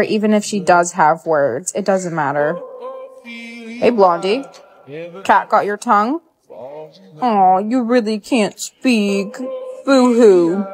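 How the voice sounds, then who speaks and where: A woman's voice: lowish voice, a little mellow. A woman acting in comedy skits with a sarcastic, drawling delivery.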